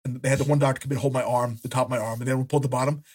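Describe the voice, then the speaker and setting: A man co-hosting a podcast, telling a story in a lively, animated way, acting out voices and laughing as he goes. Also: medium pitch, racing. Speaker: podcast co-host. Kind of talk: casual storytelling chat.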